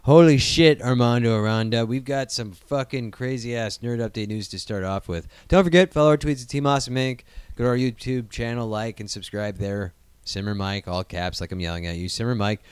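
A man rambles through a casual podcast chat, joking and swearing freely. His voice is smooth and clear at a middling pitch. It sits dry and close on the mic. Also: brisk, few pauses, dry recording. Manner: profane, jokey, rambling. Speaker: podcast co-host.

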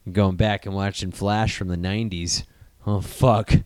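A man with a low voice chats casually on a podcast at a moderate pace, with no echo. He rambles, swears freely and stays animated, often slipping into mocking impressions and mock voices.

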